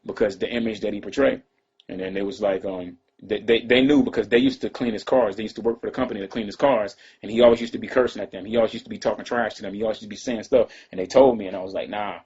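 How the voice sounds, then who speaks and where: A man casually telling a personal story in a rambling, slangy way, often trailing off into quiet asides. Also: on the low side, breathy edge. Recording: dull lo-fi sound.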